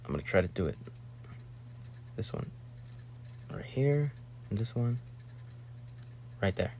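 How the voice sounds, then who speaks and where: A young man casually narrating a hobby build, rambling and talking to himself with sudden excitable outbursts. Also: fairly low pitch, slow pace, slight background noise.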